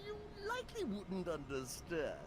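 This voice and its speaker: A man's voice: high-pitched, huge pitch swings, moderate pace. An actor playing a fussy, eccentric old man who guards a machine, hesitant and politely old-fashioned, with giggles in a video game cutscene. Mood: dithering. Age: older.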